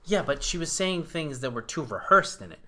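A young man in loose, blunt conversation who swears freely and slips into acted-out example lines. His voice is bright and somewhat high, and its pitch swings widely as he makes his case. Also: sing-song, fairly quick, a little hiss or hum. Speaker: wrestling podcast co-host. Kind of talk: casual chat.

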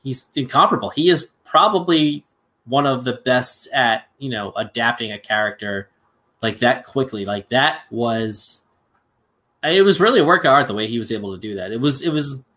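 A man in his thirties with a bright, forceful voice gives blunt, laid-back opinions in a casual movie review chat. He sounds relaxed and sure of his takes. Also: mid-range voice, moderate pace. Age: 30s. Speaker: podcast co-host.

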